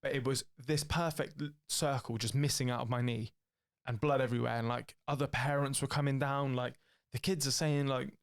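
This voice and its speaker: A man in his late thirties with a British English accent speaks a little fast at a medium pitch. Co-hosting a podcast, he tells a rambling, profane story in casual chat, animatedly acting out the people in it with quoted lines.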